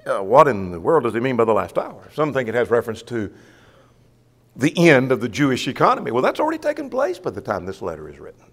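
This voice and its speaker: A man's voice: medium pitch, huge pitch swings, quick pace, a bit bright, in a large hall. A man preaching a sermon in a church, asking himself questions and answering them.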